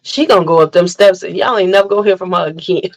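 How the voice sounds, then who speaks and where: A woman hosting a casual livestream, telling animated family stories, laughing often and greeting viewers by name. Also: on the low side, quick pace, rough recording. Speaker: livestream host chatting with viewers. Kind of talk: casual chat.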